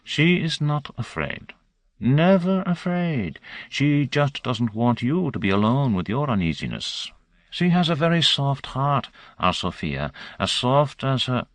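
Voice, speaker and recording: A man voicing a joking, teasing male crewman with a drawn-out delivery. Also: mid-range voice, sing-song, dry recording, voice pushed up.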